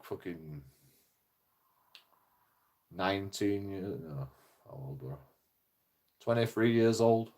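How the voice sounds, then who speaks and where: A man, telling a story on his channel in a casual, profane, indignant way. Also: fairly low pitch. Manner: swearing heavily, animated, indignant. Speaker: channel host.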